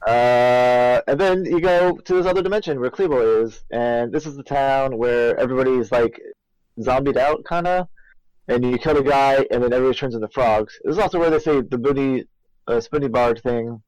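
A man's voice: medium pitch, normal speed, darkish tone, dry recording, rough recording. A man co-hosting a podcast, rambling through a game's plot in casual chat with lots of fillers. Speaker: podcast co-host. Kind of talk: casual game recap chat.

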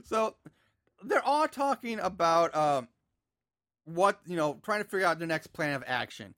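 High, bright man recapping a plot. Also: big pitch swings, unhurried, no room sound, studio quality. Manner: narrates plot with sarcastic asides. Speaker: podcast co-host. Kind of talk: casual movie plot recap.

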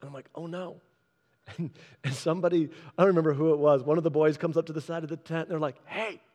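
A man preaching, telling a story in an animated way and acting out the quoted people in changed voices. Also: fairly high pitch, fast talker, dull audio. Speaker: pastor. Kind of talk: storytelling sermon. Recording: long hall reverb.

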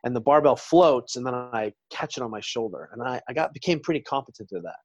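A man's voice: mid-range voice, lively intonation, quick pace, darkish tone, no room sound, dull audio. A man in his forties, a podcast guest, telling stories in a rambling, conversational way full of restarts. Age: 40s. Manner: rambling storyteller, trails off and restarts. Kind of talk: casual interview chat.

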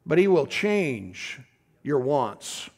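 A man's voice: a little high, sing-song, drawn-out words, a little mellow. A middle-aged man preaching a folksy, conversational sermon, often calling out to his congregation.

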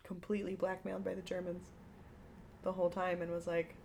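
A woman co-hosting a podcast, chatting casually about movies with lots of fillers and quick retellings. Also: lowish voice, little pitch movement, vocal fry, darkish tone, a little hiss or hum. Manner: chatty, lots of "like", acts out quotes. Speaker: podcast co-host. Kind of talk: casual chat.

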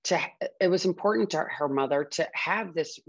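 A woman's voice: lowish voice, moderate pace, husky, lo-fi sound. A woman hosting a podcast, talking candidly and earnestly about her own recovery, often circling back and restarting her sentences. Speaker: podcast host. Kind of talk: candid personal talk on addiction recovery.

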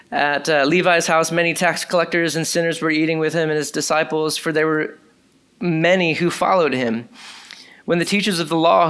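Animated higher-voiced male preacher. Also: clean tone. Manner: conversational, animated, uses many fillers. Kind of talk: sermon.

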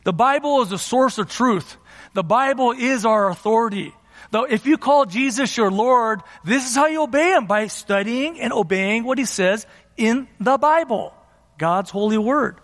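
High-voiced pastor preaching in a reverberant hall. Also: male voice, lively intonation, normal speed, fairly bright tone. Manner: emphatic, exhorting, repeats phrases. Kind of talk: sermon. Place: church sanctuary.

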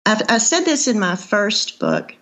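A woman's voice: mid-range voice, big pitch swings, unhurried, a bit bright. A woman, chatting as a cookbook author guest in an interview, laughing easily and trailing off with fillers. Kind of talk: casual interview chat.

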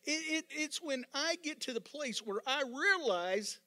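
A man over fifty preaching a sermon as pastor, fervent and repetitive, building up to yelling with joking asides. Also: extremely high pitch, animated, a little slow.

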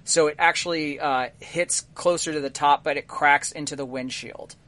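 A man narrating a tabletop game as game master, unhurried and full of fillers. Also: fairly high pitch. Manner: relaxed, halting narration with many fillers.

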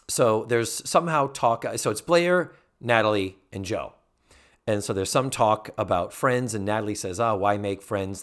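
A man co-hosting a casual podcast, recapping a TV episode and acting out the characters' lines. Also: fairly low pitch. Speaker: podcast co-host.

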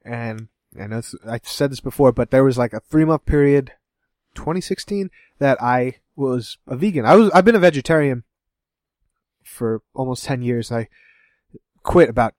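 A man's voice: medium pitch, a little mellow, no room sound, clean studio sound. Giggly, jokey male podcast co-host. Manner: jokey and giggly, rambling asides. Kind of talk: casual chat.

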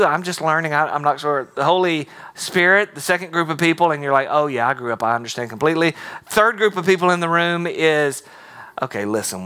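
A man's voice: a little high, bright, forceful tone. A man preaching a sermon as pastor, mixing humor and acted-out quotes into his teaching. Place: church auditorium.

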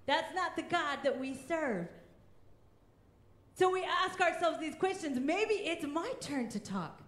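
A woman's voice: high voice, animated, slow pace, a bit bright, reverberant. A woman in her thirties preaching a sermon as pastor, emphatic and fervent, often raising her voice.

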